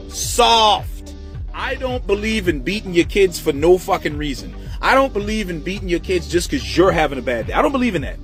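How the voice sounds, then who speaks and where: A man giving blunt, profane commentary, ranting to viewers. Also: sits high. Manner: blunt, animated, heavy cursing. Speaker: commentator reacting to a viral video.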